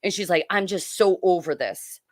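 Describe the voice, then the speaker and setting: A woman's voice: on the low side, normal speed, no room sound, studio quality. A middle-aged woman co-hosting a podcast, telling a story in casual chat and acting out the people in it. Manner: animated storyteller, acts out quoted people. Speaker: podcast co-host.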